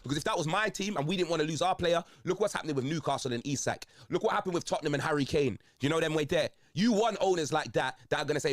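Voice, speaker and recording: A young man with a London accent talks football in rapid, slang-packed bursts. His voice sits a touch high and sounds congested. The sound is dry and close. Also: dry recording. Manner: slang-heavy, animated, ranting. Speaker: football video host. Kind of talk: casual football banter.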